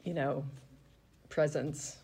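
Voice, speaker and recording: Reflective woman with a low voice. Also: steady tone, takes it slowly, dark tone, slightly rough. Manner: reflective, musing, trailing phrases. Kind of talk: reflective conversational Bible discussion.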